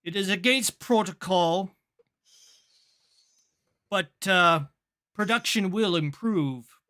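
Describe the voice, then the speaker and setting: A woman's voice: mid-range voice, takes it slowly, a bit bright, pitched above the performer's own voice. A man voicing a stern, commanding female starship commander who speaks in clipped, formal orders.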